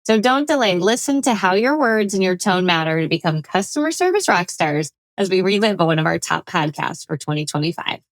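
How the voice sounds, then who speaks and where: A woman hosting a podcast, introducing the episode and pitching courses in an upbeat sales manner. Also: very animated, fairly quick, hardly any pauses, no room sound. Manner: upbeat sales pitch, urging listeners to act. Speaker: podcast host. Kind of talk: promotional intro and outro.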